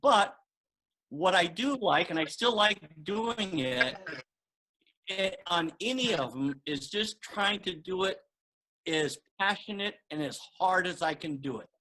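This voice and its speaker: Man, casual storyteller, fairly high voice, acts out quoted dialogue. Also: expressive, a little slow, sharp tone, low-quality recording. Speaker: martial arts guest answering questions. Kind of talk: casual storytelling on a video call.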